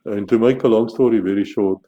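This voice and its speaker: A man's voice: fairly low pitch, steady tone, a little fast, mellow, highs cut off. A South African man talking bluntly as a channel host, restarting and repeating words as he argues his point. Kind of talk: opinionated monologue to camera.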